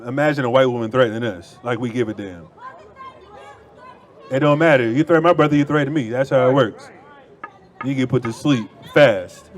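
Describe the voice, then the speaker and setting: A man's voice: medium pitch, fairly quick, pauses often, a faint crowd, slight background noise. Confrontational man arguing on a street. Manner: confrontational, dismissive, repeats himself. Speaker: street preacher. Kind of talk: heated street debate. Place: outdoors on a city street.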